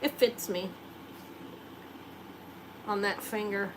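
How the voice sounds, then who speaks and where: A woman's voice: medium pitch, slow. Woman host of a live jewelry sale; casual, chatty, joking, slight background noise. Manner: chatty, joking, thinks aloud while showing rings.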